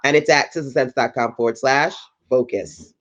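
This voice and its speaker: A woman's voice: very deep voice, moderate pace, muffled recording. A woman hosting a livestream, giving chatty motivational talk to entrepreneurs, laughing and asking her audience questions. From North Carolina. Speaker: host of a business livestream.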